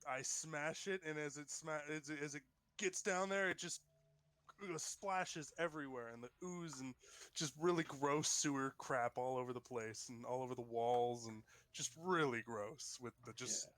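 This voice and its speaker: A man playing a tabletop game, talking haltingly with many restarts. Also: medium pitch, a bit bright. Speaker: player. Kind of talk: casual tabletop play.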